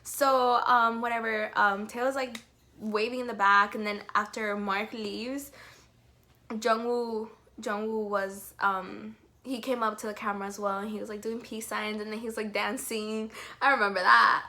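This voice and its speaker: A young woman vlogging an excited storytime, gushing with lots of "like" and breaking into giggles. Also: medium pitch, moderate pace.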